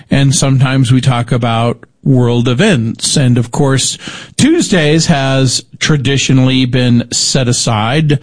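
Chatty male radio call-in host. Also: medium pitch. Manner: warm welcoming, loose with fillers and restarts. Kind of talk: casual radio talk. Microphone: studio broadcast mic.

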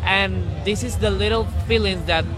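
A young man from Puerto Rico, a university student, speaking earnestly and haltingly. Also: sits high, steady tone, crowd noise, rough recording. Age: young adult.

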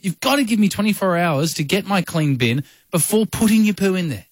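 A radio co-host bantering and teasing, often cutting in. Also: male voice, high-pitched, expressive, a little fast, no echo, clean studio sound. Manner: teasing, interjects a lot.

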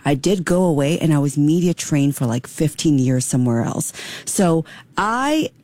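A woman's voice: low-pitched, expressive, normal speed, mellow, dry recording. A woman from Singapore, hosting a podcast in a chatty, enthusiastic manner. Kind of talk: casual podcast conversation.

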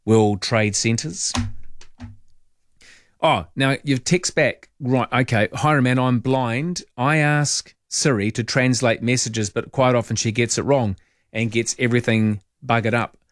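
A man's voice: medium pitch, a little slow, dry recording. A man hosting an overnight talkback radio show, chatty and wry as he reads listener messages. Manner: chatty, wry and rambling, reads lyrics aloud. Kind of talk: casual late-night talkback, reading listener messages. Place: radio studio. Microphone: studio microphone.

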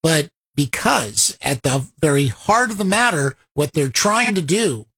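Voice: mid-range voice, big pitch swings, a little slow, a bit bright, slightly rough. A political commentator reacting to a played clip, firing off rhetorical questions and sarcastically quoting opponents.

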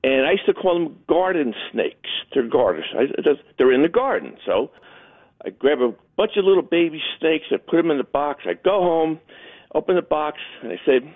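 Male caller, lively joke-teller, slightly high voice, thin phone-line sound. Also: normal speed. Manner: animated joking storyteller. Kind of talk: phone-in storytelling.

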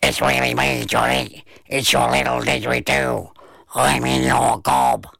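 A man doing a gruff talking didgeridoo. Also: medium pitch, flat delivery, a little slow, a bit bright, dry recording, clean studio sound, full character voice. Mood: calm. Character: gruff little talking didgeridoo, calm and cheeky.

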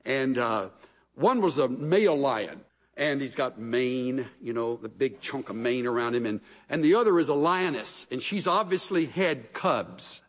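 A man's voice: mid-range voice, lively intonation, unhurried, a bit bright. A man preaching a sermon in a large hall, telling stories with animation and acting out voices from scripture. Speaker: pastor. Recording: long hall reverb.

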